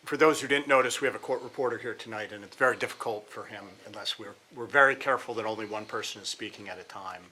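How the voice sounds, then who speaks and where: A man presiding over a public hearing, speaking in a procedural, measured way. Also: on the low side, pushed and bright, slightly rough. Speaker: hearing officer.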